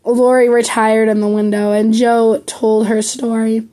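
Hoarse female amateur audiobook reader; slow, careful, warm low tone. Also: level tone. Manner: slow, careful reading with some slips.

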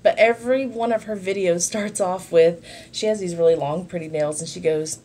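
A woman's voice: fairly low pitch, fairly even intonation, moderate pace, mellow, a little hiss or hum. A woman, chatting casually and rambling with asides while she does her makeup for a vlog. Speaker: vlogger. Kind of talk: casual sit-down chat while doing makeup.

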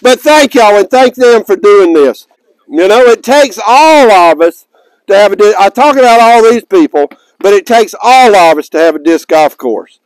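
High-voiced man addressing a crowd. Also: lively intonation, moderate pace, clean tone, no room sound, poor audio. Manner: folksy and joking, raises his voice to carry. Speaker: tournament director addressing players. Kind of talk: outdoor announcement to a crowd. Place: outdoors in a park.

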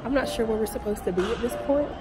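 A young woman with a hoarse, deep morning voice, chatting casually to her viewers in a vlog, recorded on a handheld phone. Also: quick pace. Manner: chatty, laughing often, addresses viewers as y'all. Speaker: vlogger.

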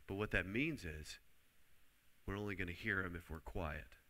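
A male preacher with a low, forceful voice that has a bright edge gives an emphatic sermon at normal speed. He hammers home key lines and has the congregation repeat them back. His words trail off in the long reverb of a church hall.

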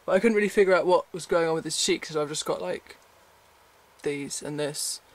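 A man with a slightly high voice chats casually to camera from his bed. He rambles and pokes fun at himself, often breaking into a giggle. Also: brisk. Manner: rambling, self-deprecating, giggly. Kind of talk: casual vlog chat. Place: bedroom, in bed at night.

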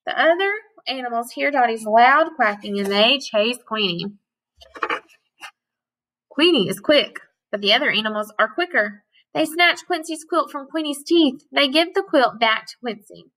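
A woman teacher giving a gentle, patient letter lesson to young children and reading a picture book aloud. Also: fairly high pitch, animated, poor audio. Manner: gentle and patient, with slow drawn-out sounds.

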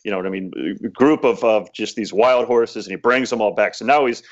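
A man's voice: lowish voice, a little fast, lo-fi sound. A man being interviewed as an author, telling a story in a rambling, casual way with many fillers. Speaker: author guest.

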